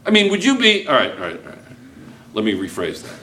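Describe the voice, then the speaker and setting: A male chemistry teacher lectures a class in a joking, lively way. He keeps checking in with the students as he goes. His voice sits mid-range, and faint noise from the classroom is heard behind him. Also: medium pitch, quick pace.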